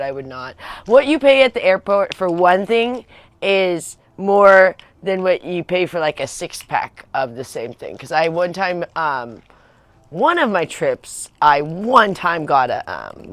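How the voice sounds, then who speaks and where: A woman's voice: sits low, dry recording. A woman in her forties chatting casually on a livestream, rambling with many fillers and restarts. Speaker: vlogger on a livestream.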